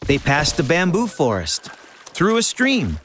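A woman narrating a children's audio story in a clear, storytelling manner. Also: deep voice, wildly swooping pitch, measured pace, fairly bright tone, soft background music.

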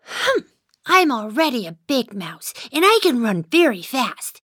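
A woman's voice: on the high side, big pitch swings, unhurried, a bit bright, no echo, clean studio sound, full character voice. A woman voicing an unhappy little boy mouse who narrates his own storybook, grumbling and sighing about his dad. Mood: sulky. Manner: sulky, sighing, then giddy. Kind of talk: first-person storybook narration.

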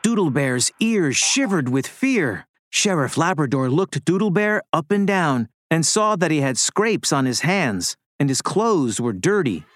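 A woman's voice: deep voice, very animated, unhurried, few pauses, no room sound. A woman narrating a children's cartoon story in a dramatic, suspenseful way. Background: children's music.

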